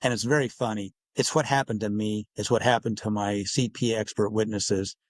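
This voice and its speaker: Speaking fairly quickly in a lowish voice with fairly even intonation, the man is a podcast guest being interviewed about his writing. The recording has no echo, and he lays out his ideas in detail while voicing quoted lines of dialogue.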